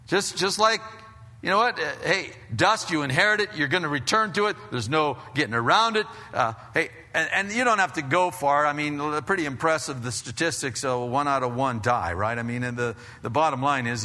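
A man preaching a sermon in a lively, conversational way, often repeating words and adding casual asides. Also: medium pitch. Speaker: pastor. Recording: long reverb of a large hall.

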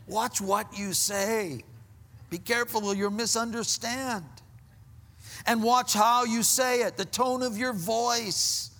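A man preaching a sermon, slowing down to stress his points and dropping to a hushed, low voice for emphasis. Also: in a large hall. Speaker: pastor.

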